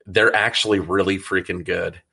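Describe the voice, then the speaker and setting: Chatty low-voiced male host. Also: steady tone, moderate pace, creaky, bright, forceful tone, breathy edge. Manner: chatty, enthusiastic, fillers like "like". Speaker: interview host. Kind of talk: casual interview chat.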